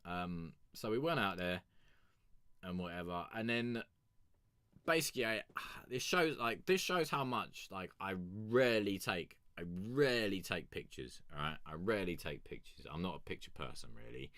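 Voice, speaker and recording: A man's voice: low voice, normal speed, no room sound, clean studio sound. Sweary man telling a story. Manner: sweary, rambling, animated. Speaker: music review host. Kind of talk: casual storytelling.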